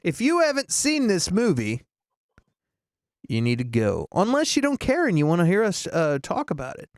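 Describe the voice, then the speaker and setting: A man with a high, very lively voice co-hosts a casual movie chat. He jokes around and rambles through lots of fillers. The sound is dry and close. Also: normal speed, no room sound. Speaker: podcast co-host.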